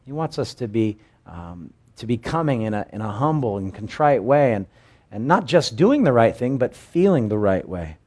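Animated male preacher. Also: mid-range voice, moderate pace. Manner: animated, acts out quoted scripture with emphatic rises and drops; conversational, frequent restarts. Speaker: pastor. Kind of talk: expository Bible sermon.

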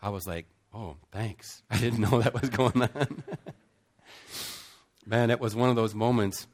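A middle-aged man preaching, telling a story with emphatic swings between loud bursts and hushed, slow passages. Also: mid-range voice, steady tone. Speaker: pastor. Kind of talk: sermon storytelling.

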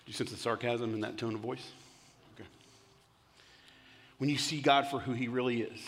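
A man's voice: medium pitch, a bit bright, slightly rough, in a large hall. A man preaching a sermon as a worship pastor, conversational and full of rhetorical questions. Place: church sanctuary.

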